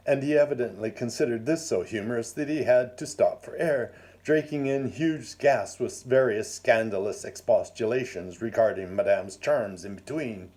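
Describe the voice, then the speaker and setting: A man reading his own first-person story aloud in a measured, wry and formal manner. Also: mid-range voice, a little mellow.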